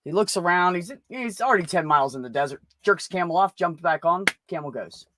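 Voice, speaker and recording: A man's voice: sits high, lively intonation, fairly quick, background noise. Profane rambling man telling jokes. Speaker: open mic host. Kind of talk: casual joke telling.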